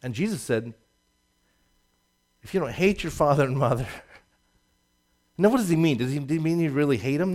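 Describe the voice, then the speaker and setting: A man preaching a sermon, swinging from loud emphatic rises to low asides and laughing at his own jokes. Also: animated, moderate pace, pauses often. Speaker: pastor.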